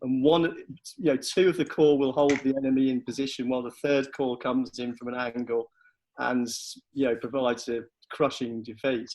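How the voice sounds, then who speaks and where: A man with a mid-pitched, everyday voice talks through battles and army tactics on a podcast. He sounds keen and explanatory, often restarting his sentences as he goes. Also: level tone, normal speed, a little mellow, low-quality recording. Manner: enthusiastic, explanatory, with frequent restarts. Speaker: history guest explaining battles. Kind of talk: casual chat.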